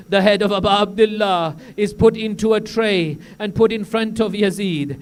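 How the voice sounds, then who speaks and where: High, smooth-voiced male preacher. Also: moderate pace. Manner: solemn storytelling that swells into impassioned cries. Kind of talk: sermon.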